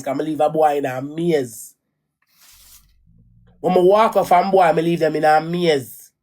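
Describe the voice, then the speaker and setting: A Caribbean woman with a Jamaican accent and a low, darkish voice rants casually about a personal story on her vlog. She rambles, restarts and repeats phrases, and swears bluntly.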